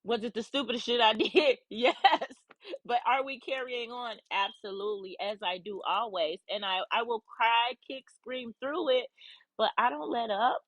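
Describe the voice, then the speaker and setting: A woman's voice: a little high, normal speed, fairly bright tone, dry recording. Blunt, swearing mother venting to camera. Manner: blunt, conversational, swears freely. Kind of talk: candid personal vlog.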